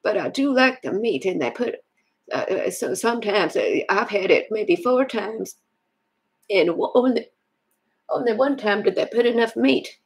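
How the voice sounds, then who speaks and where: A woman voicing a lonely, soft-hearted grandmother in a phone prank, rambling and stammering with a creaky, husky old voice. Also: medium pitch, lively intonation, normal speed, poor audio. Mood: chatty. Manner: rambling, stammering, fond of detail. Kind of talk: scam-baiting phone prank.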